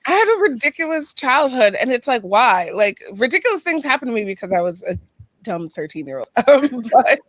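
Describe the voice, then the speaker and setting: A young woman co-hosting a podcast, telling a story with lively acted-out voices, laughing and swearing casually. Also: fairly high pitch, fairly quick, dry recording. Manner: acts out the dialogue in her stories, laughs often, swears casually. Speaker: podcast co-host. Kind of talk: casual chat, animated storytelling.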